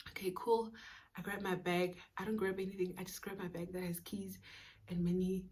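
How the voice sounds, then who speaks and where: A young South African woman vlogger telling a personal story in a casual, animated way, acting out dialogue and dropping to whispers at times. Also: medium pitch, fairly quick. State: pregnant.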